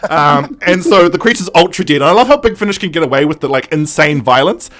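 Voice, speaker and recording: A man hosting a podcast, recapping a story in a casual, animated way with lots of fillers. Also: a little high, quick pace, few pauses. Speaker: podcast host. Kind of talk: casual review chat.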